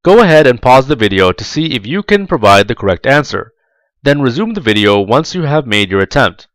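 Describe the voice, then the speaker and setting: A man reading a scripted tutorial voice-over for job applicants, slow, deliberate and clearly enunciated. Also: medium pitch, very animated, a bit bright, no room sound, rough recording.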